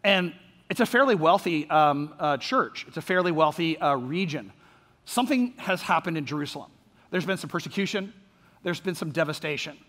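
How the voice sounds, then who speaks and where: A man's voice: high voice, fairly bright tone, in a large hall. A man from Orlando preaching a sermon as a pastor, talking conversationally with fillers and frequent "right?" check-ins. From Orlando, Florida, USA. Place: church sanctuary.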